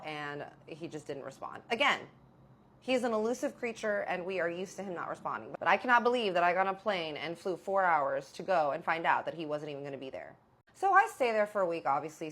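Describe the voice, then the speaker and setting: A young adult woman casually telling a personal story to camera, animated and exasperated, acting out the dialogue. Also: low-pitched. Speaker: vlogger.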